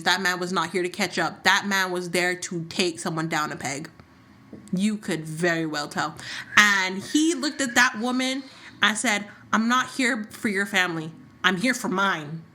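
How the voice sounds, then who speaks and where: A woman co-hosting a podcast, recapping a soap opera in casual chat with sassy, animated retelling. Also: lowish voice, normal speed. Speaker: podcast co-host.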